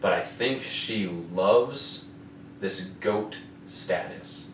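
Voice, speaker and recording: A podcast host with a lowish voice draws out his words as he casually recaps fights, swearing often and asking "you know what I mean?" over and over. He records in a room at home with an air conditioner. The distant mic makes the audio roomy, with faint noise.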